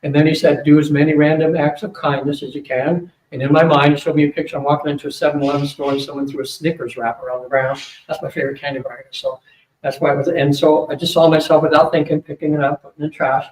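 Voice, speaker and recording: An older man speaking at a psychic fair, telling a long rambling story to an audience, with many fillers and quick asides. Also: on the high side, level tone, darkish tone. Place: hotel event room. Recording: roomy, distant mic with faint hum.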